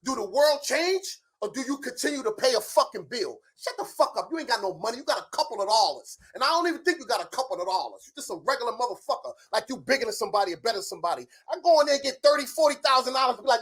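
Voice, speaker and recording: A middle-aged man in a heated argument as a show guest, ranting loudly with lots of profanity and rapid challenges. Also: extremely high pitch, animated, breathy edge.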